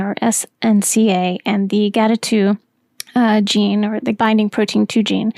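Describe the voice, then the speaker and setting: A woman's voice: fairly high pitch, creaky, darkish tone, dry recording. A woman hosting her own science podcast, explaining in a casual, enthusiastic way with frequent fillers. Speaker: podcast host.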